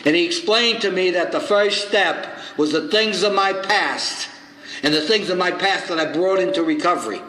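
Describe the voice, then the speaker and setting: A man in his seventies, a recovery circuit speaker telling stories at a meeting and acting out both sides of the conversations with lively swings in his voice. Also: high-pitched, normal speed. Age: 70s. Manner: animated storyteller acting out both sides of dialogue. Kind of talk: storytelling talk at a recovery meeting. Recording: echoey hall with faint noise.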